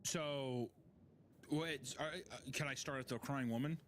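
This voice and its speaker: A man co-hosting a casual comedic chat, improvising over-the-top bits with sudden loud outbursts. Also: medium pitch, unhurried, a little hiss or hum. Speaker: co-host.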